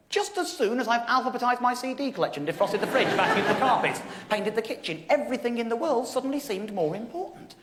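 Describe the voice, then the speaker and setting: A man in his thirties tells a comic story on stage, wry and exasperated at his own failings. His mid-pitched voice swoops up and down with lively expression. A faint hiss sits under the recording. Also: quick pace, few pauses. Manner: wry, exasperated, self-mocking delivery with frequent laughter. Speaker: stand-up comedian. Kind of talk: stand-up storytelling. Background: audience laughter.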